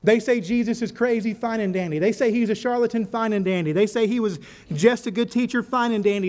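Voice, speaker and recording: High-voiced preaching man. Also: fairly quick, a little mellow. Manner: repeats rhetorical questions to the congregation; tells a story to make a point. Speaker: pastor. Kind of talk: sermon. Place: church with live congregation.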